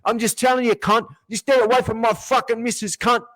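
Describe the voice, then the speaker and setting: A furious, swearing man shouts threats in a strained high voice, as a man puts him on. The voice sits far above the performer's own pitch and sounds thin and pushed. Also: little pitch movement, brisk. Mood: angry. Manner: shouting, profane.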